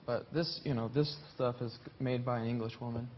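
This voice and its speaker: A man's voice: medium pitch, fairly even intonation, fairly quick. A man guesting on a talk show as a rock musician, hesitant, with short answers and many restarts. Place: TV studio with live audience. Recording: dull TV sound, faint hiss.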